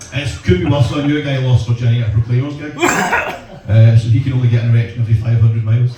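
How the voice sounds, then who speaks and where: A man's voice: mid-range voice, expressive, normal speed. A Scottish man doing a crude, self-deprecating stand-up set in a comedy club, bantering with the crowd. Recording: echoey club from far off, loud noise.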